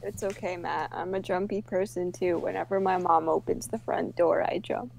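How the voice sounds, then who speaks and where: A woman co-hosting a casual chat show, playful and quick to giggle. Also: fairly low pitch, steady tone, creaky, a little mellow. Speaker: podcast co-host.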